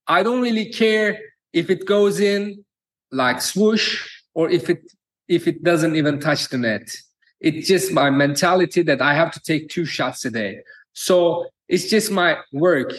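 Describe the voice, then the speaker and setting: A man's voice: on the high side, poor audio. A man with a Turkish accent, a personal trainer talking as a guest in a casual interview, speaking plainly and earnestly. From Turkey. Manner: plain, repetitive phrasing, earnest.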